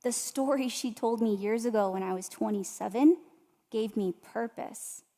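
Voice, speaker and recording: A woman's voice: a little high, moderate pace, mellow. A woman giving an inspirational talk and telling stories straight to her audience. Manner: storytelling, addresses the audience directly. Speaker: motivational speaker. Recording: long hall reverb.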